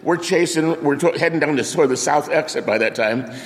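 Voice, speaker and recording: An older man preaching a sermon, telling a lively anecdote with sound effects and acted-out quotes before turning to scripture. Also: on the high side, brisk. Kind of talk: storytelling sermon. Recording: long reverb of a large hall.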